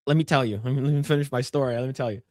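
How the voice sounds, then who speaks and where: A man's voice: medium pitch, steady tone, racing, a little mellow, no room sound, studio quality. A man in his thirties co-hosting a podcast, telling a long casual story with stammers and restarts, acting out quotes. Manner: rambling, stammers and restarts, acts out quotes in shifting voices. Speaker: podcast co-host.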